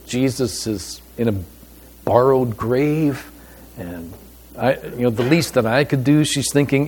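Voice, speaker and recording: A man preaching a sermon as pastor, with a deliberate, emphatic delivery and pauses. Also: mid-range voice, a little mellow, slight background noise.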